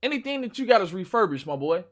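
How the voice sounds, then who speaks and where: High, lively Chicago-accented man talking trash. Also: fast. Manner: loud, profane, boastful trash talk. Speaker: stream host. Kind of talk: casual gaming chat.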